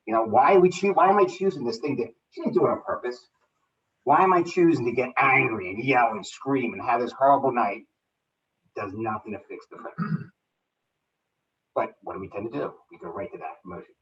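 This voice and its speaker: A man tells personal stories to a seminar audience in a loose, conversational way, often restarting his sentences. His voice sits in a middle pitch and is picked up from a distance, with a dull, lo-fi sound. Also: lively intonation, a little fast, fairly bright tone. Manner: conversational, with frequent restarts and "you know". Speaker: seminar presenter. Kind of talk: casual anecdotal storytelling.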